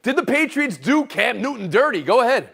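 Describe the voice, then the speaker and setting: A man hosting a sports debate show, calling on panelists in a lively, sing-song way. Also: very high voice, creaky, breathy edge. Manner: lively, sing-song delivery with quick bursts. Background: hip hop music.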